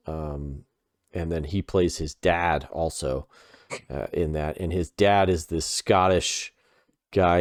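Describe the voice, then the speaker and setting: In a deep, smooth, slightly mellow voice, a man co-hosting a podcast spins loose, filler-heavy stories in casual conversation. The recording is dry and studio quality.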